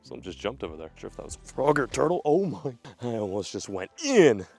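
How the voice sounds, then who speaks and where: A man's voice: mid-range voice, sing-song, fast, gravelly, a little mellow, breathy edge, soft background music. A man filming a casual fishing vlog outdoors by his backyard pond, talking to viewers and exclaiming when something surprises him. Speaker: fishing vlogger.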